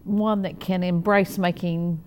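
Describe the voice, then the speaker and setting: A woman with a fairly low voice puts measured, polite questions to a guest in a television interview. Her tone stays even and attentive. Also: slight background noise.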